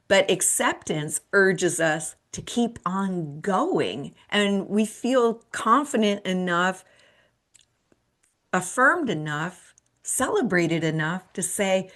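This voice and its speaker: A woman's voice: fairly low pitch, lively intonation, slow pace, fairly bright tone. A woman in her fifties hosting a solo motivational talk, earnest and encouraging, asking the listener rhetorical questions. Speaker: midlife coach and show host.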